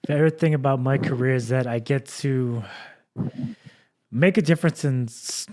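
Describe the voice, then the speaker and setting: A man's voice: mid-range voice, normal speed, warm tone. A man from Texas hosting a casual podcast chat, talking in an earnest, rambling way full of fillers. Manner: rambling, earnest, heavy with fillers like "like" and "you know". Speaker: podcast host.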